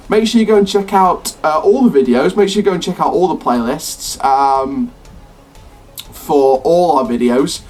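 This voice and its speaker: A man hosting a theme park news channel, chatting excitedly to camera in a rambling way with plenty of fillers and restarts. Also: mid-range voice, moderate pace. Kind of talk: excited casual chat to camera.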